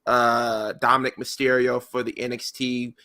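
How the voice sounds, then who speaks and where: A man's voice: mid-range voice, flat delivery, normal speed, sharp tone. A man co-hosting a podcast, recapping a show in rambling, filler-heavy casual talk. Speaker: podcast co-host.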